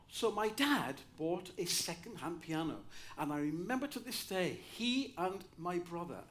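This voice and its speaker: A man's voice: high voice, animated, unhurried, fairly bright tone, soft background music. A man in his sixties from North Wales, a musical director telling wry anecdotes on a cabaret stage. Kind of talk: cabaret storytelling.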